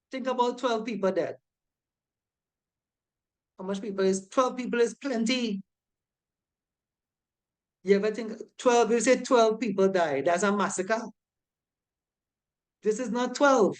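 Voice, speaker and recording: A woman teaching a safety course, emphatic and checking often that her students follow. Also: medium pitch. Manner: emphatic, keeps asking "right?" to check understanding. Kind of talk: online lecture going over quiz answers.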